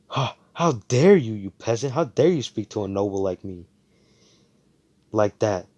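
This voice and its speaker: A man's voice: lowish voice, animated, normal speed, a little mellow, husky, no echo, dull audio. A man voicing an arrogant young male noble mage who speaks with scorn. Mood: indignant. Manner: haughty, scornful.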